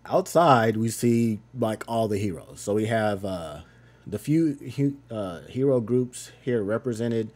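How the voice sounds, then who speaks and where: A man's voice: lowish voice, lively intonation, unhurried, a little mellow. A man giving a casual, rambling page-by-page comic book recap, loosely paraphrasing the characters in an offhand tone.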